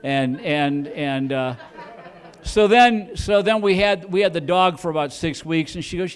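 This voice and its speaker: Rambling stand-up comic, higher-pitched man. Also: measured pace, smooth. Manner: rambling, restarts with repeated "and". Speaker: comedian. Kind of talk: stand-up storytelling. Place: comedy club stage.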